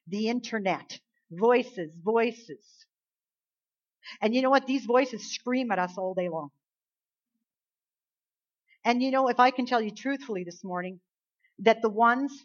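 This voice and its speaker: A woman preaching a sermon, talking casually with the congregation and swinging between hushed and emphatic. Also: medium pitch, highs cut off.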